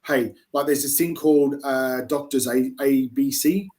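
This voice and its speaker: A man's voice: medium pitch, unhurried. Chatty young man telling his recruit-training stories. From South Australia. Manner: animated storyteller with many restarts. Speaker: interview guest, army reserve recruit. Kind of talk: casual interview chat.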